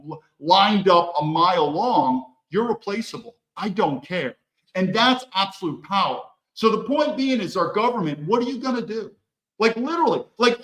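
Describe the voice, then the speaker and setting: A man's voice: high-pitched, fairly bright tone, roomy sound, rough recording. A man hosting a solo political monologue, talking emphatically with blunt, profane language and a string of rhetorical questions. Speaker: political commentary host.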